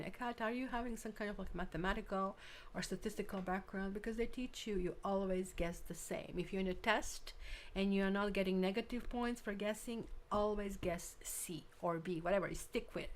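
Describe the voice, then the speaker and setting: A woman hosting a live tarot stream, chatting casually with viewers and thinking aloud while she works. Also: medium pitch.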